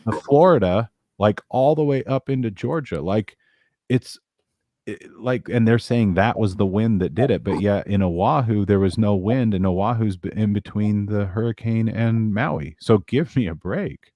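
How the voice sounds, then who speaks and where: A man's voice: on the low side, normal speed, warm tone, no room sound. A man talking as a guest on a casual podcast, rambling with many restarts.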